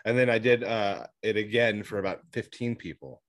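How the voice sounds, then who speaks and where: A man's voice: on the low side, moderate pace, dry recording. A young man co-hosting a podcast and telling stories from his stand-up sets, in rambling, irreverent, crude banter. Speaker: podcast co-host and stand-up comic.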